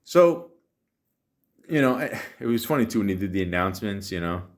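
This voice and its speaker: A man's voice: fairly low pitch, animated, brisk. A man hosting a podcast, telling a rambling, crude, jokey story in a casual monologue full of swearing and restarts. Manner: profane, rambling, jokey, many fillers and restarts. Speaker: podcast host.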